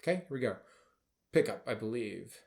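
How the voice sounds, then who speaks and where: A man's voice: on the low side, expressive, a little fast, gravelly. A man leading a band rehearsal, calling out cues and explaining the music between passages. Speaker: band director. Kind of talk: rehearsal instruction over a recording. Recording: music playing underneath. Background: band music playing.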